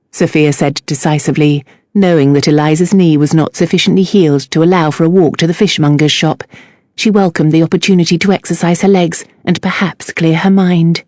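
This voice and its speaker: Woman audiobook narrator, lowish voice, measured reading, very dry close recording. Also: fairly even intonation, darkish tone, no echo. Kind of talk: scripted narration.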